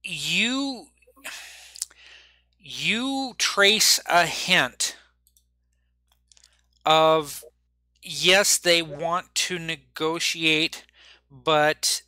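A man narrating a tabletop game as game master, talking haltingly with many fillers and restarts. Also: fairly high pitch, bright, forceful tone, dry recording.

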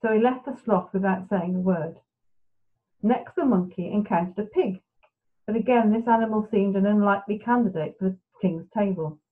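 A woman reading a bedtime storybook aloud in a soft, steady way. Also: medium pitch, normal speed. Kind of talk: gentle storybook narration. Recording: tinny phone-like sound.

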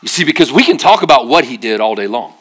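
A man preaching a sermon at church, telling stories with jokes and acted-out voices, then dropping to a quiet, earnest tone for serious points. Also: mid-range voice, fast talker, breathy edge. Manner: animated, jokey storytelling with acted-out voices. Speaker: pastor.

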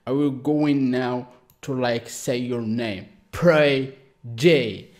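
Reacting on video as host, this Algerian man talks with great excitement, his broken English full of exclamations. He has a mid-range voice and a slow pace.

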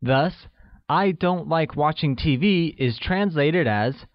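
Slow, deliberate man teaching phrases. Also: on the high side, dry recording. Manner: slow, deliberate, spells out each phrase for learners. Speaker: language teacher. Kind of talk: scripted lesson narration. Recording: dull, lo-fi voice-over recording.

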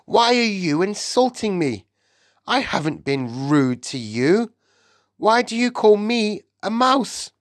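A man voicing a loud-mouthed, greedy boy who has been turned into a mouse, blustering and shouting in an audiobook. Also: high voice, expressive, unhurried, no room sound, studio quality, voice pushed up. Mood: indignant.

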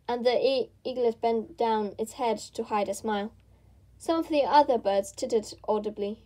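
A woman reading a storybook aloud in a gentle manner, with small slips. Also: fairly high pitch, normal speed. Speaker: storybook reader.

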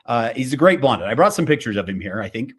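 Animated male fireside speaker. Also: medium pitch, fast, breathy edge. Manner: animated storytelling, frequent fillers and restarts. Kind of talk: devotional fireside talk.

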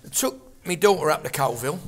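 Older man telling rowdy stories, high voice. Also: lively intonation, brisk, faint music behind. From England. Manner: rambling, swearing, laughing storyteller. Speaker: storyteller at a table of old friends. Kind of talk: casual anecdote telling.

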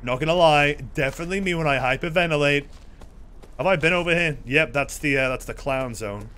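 A man's voice: fairly high pitch, brisk, pushed and bright, smooth. A man streaming a horror game, commenting casually with sarcastic, exasperated swearing.

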